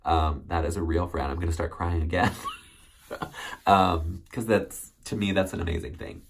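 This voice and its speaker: A man's voice: low voice, normal speed, vocal fry, slight background noise. A man hosting a solo recap show, chatting casually and rambling with many ums and self-corrections. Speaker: recap host.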